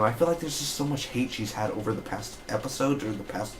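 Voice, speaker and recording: A man giving a casual, excitable spoken review of a TV episode, rambling with fillers as he recaps. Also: medium pitch, brisk, noisy background.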